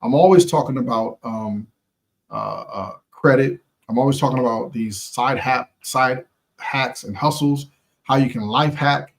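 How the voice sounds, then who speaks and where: A man's voice: mid-range voice, unhurried. A man hosting a live stream, giving an impassioned, preachy motivational talk in casual slang, repeating phrases for emphasis and talking straight to his viewers.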